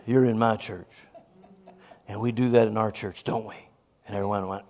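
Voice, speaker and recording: A man preaching a sermon, telling a story and bursting into shouts of praise. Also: mid-range voice, a little fast.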